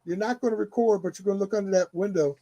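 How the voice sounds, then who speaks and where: A man's voice: sits high, fast, dark tone, no room sound, dull audio. A man instructing a class in casual chat, talking others through technical steps and repeating himself.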